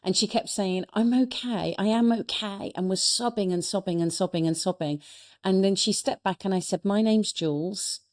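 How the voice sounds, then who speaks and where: A middle-aged woman guest on a podcast, telling a personal story with earnest warmth and frequent restarts. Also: medium pitch, moderate pace. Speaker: guest, speaker and coach. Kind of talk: reflective storytelling in a podcast interview.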